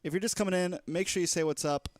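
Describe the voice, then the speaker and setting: A young man, an esports shoutcaster, chatting loosely and playfully as he opens a casual livestream. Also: sits high, fast, dry recording.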